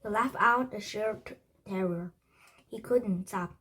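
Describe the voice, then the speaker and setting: A woman reading a children's chapter book aloud, halting with frequent restarts and slips. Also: mid-range voice, fairly bright tone, slightly rough, low-quality recording. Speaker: storybook reader.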